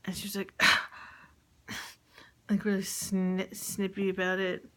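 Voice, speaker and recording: A woman's voice: medium pitch, completely flat delivery, slow pace. A woman casually recounting her day in a spoken diary for her partner, hesitant and full of fillers, often dropping into a whisper. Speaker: mother recording a message to her partner.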